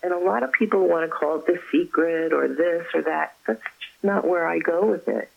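A woman, an author, chatting as an interview guest and telling stories about her faith with effusive warmth. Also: on the low side, normal speed, gravelly, lo-fi sound. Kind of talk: casual interview chat.

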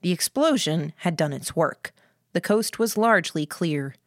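Woman, audiobook narrator, steady storytelling, low voice, dry close recording. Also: measured pace, no room sound. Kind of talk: scripted narration.

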